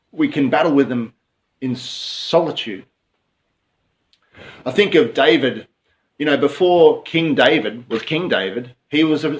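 A man in Australia giving a reflective devotional sermon, often repeating and restarting his phrases. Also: fairly high pitch. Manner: reflective, repeats and restarts phrases, speaks slowly at key points. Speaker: pastor.

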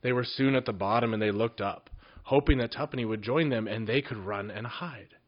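A man reading a children's storybook aloud with an expressive, sing-song delivery. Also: medium pitch, brisk. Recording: dull lo-fi recording.

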